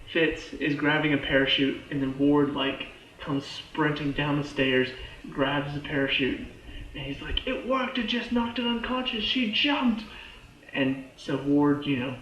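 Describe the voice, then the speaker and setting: An excitable man reviews a TV show in a casual ramble, with a fairly high voice. The recording is roomy and dull, with a faint hiss underneath. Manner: excitable, lots of fillers and restarts.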